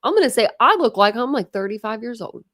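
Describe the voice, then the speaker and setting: A woman's voice: on the high side, lively intonation, fast talker, fairly bright tone, no room sound. Chatty woman in her thirties, dry sound. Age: 30s. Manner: chatty, frank, laughs often, reads out viewer comments. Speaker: livestream host. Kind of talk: casual livestream chat. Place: home, indoors.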